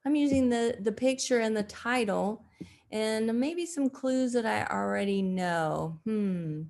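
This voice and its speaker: A woman teaching second graders in a recorded video lesson, speaking deliberately with frequent fillers and restarts. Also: a little high, creaky, a little mellow, a little hiss or hum. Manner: slow, deliberate, with frequent fillers and self-corrections.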